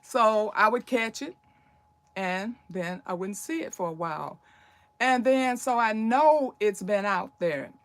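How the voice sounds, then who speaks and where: Urgent older woman, slow and preachy. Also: mid-range voice, lively intonation, no room sound. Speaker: livestream host. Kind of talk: casual livestream chat.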